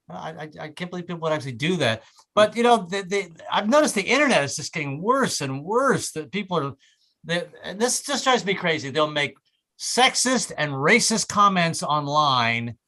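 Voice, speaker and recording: A middle-aged man performing a stand-up comedy set on a club stage, breaking into loud shouted impressions. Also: on the high side, rough recording.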